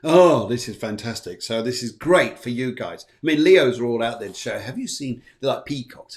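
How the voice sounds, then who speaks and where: A man's voice: mid-range voice, animated, fairly quick, few pauses. A middle-aged man hosts a live astrology show. He talks casually, rambles, jokes and thanks his viewers. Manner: jokey, rambling, warm thanks to viewers, puts on silly voices. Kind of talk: chatty live-stream horoscope reading.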